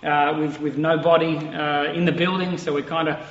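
A man's voice: on the high side, level tone, normal speed, roomy sound, long reverb tail, highs cut off. A man preaching an online sermon to a camera in an empty church, talking in a conversational, reflective way. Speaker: pastor. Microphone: facing a camera.

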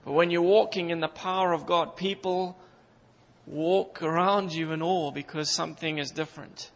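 A man's voice: on the high side, fairly even intonation, normal speed. A man preaching a sermon with fervent, emphatic delivery, repeating phrases for emphasis. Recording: dull sound with long reverb in a hall.

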